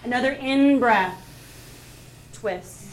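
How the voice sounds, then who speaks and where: Woman leading yoga, slow and echoey. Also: fairly high pitch, slight background noise. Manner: calm cues, playful laughs. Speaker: yoga instructor. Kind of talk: live class instruction. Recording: echoey room.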